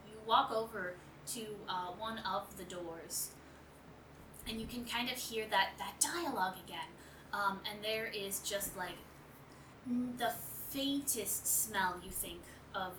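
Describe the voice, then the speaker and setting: Lady running a tabletop game, rambly lots of ums, echoey room, noisy distant mic. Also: medium pitch. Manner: rambling, filler-heavy, laughs often. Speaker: game master. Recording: roomy distant noisy home recording.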